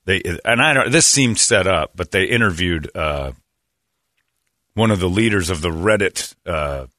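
A man's voice: low voice, expressive, measured pace, pushed and bright, no room sound, clean studio sound. A man hosting a talk show, telling stories in a blunt, sarcastic way. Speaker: show host. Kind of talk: casual chat.

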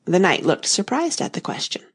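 Steady storybook narrator, woman, husky and gravelly, low-pitched. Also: normal speed. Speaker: audiobook narrator. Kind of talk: scripted narration.

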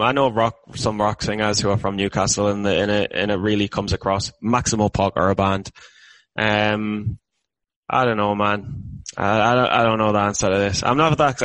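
A man's voice: fairly low pitch, fairly bright tone, no echo. A British man co-hosting a podcast in casual chat, rambling and self-deprecating with many restarts. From Britain. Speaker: podcast co-host.

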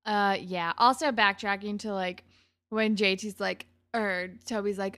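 A woman's voice: mid-range voice, steady tone, measured pace, a bit bright. A woman co-hosting a casual podcast, chatting and giggling as she recaps a TV episode. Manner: chatty, giggly, many "like" fillers. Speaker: podcast co-host.

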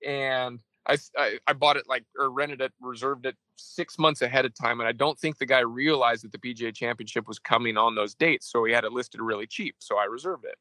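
A man from Idaho, a golf caddie, recounts his travel troubles with an animated, chatty delivery. His voice is bright and forceful. The sound is close and dry, with no room around it. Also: mid-range voice, a little fast, hardly any pauses, dry recording, rough recording. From Idaho, USA. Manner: animated storyteller acting out his own texts. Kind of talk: casual interview storytelling.

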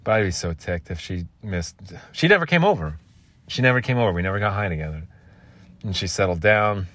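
A man's voice: low-pitched, animated, fairly quick, a bit bright, no room sound. A man in his thirties hosting a solo podcast, telling a rambling, self-mocking story with casual swearing. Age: 30s. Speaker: podcast host.

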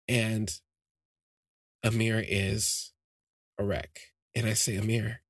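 A man's voice: on the low side, gravelly, slightly rough, no room sound, clean studio sound. A man hosting a podcast, telling a personal story in a rambling, heartfelt way with many fillers and restarts. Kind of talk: casual spoken storytelling.

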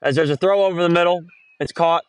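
Casual young man calling high school football. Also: quick pace, clean tone, no echo. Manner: rambling, self-correcting, rising excitement on big plays. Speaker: play-by-play announcer. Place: outdoors at a cold football game. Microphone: phone.

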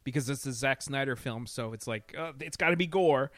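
A man chatting casually about a movie, animated and often laughing, mocking what he saw with quick impressions. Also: mid-range voice, no room sound. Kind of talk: casual podcast movie chat.

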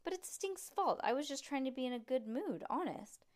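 A woman's voice: medium pitch, normal speed, smooth, lightly acted. A woman reading aloud, voicing a spirited girl who turns indignant. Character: spirited girl trying to keep a good mood.

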